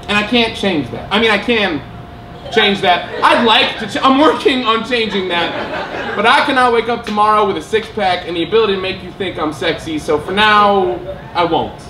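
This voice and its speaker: A man performs spoken word poetry live in a theater, his voice sitting fairly high. He is emphatic and self-mocking and breaks into laughter easily. The sound is roomy, with a faint hum of the venue behind him. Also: moderate pace, distant mic. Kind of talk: live slam poetry and stage storytelling. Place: theater stage with audience.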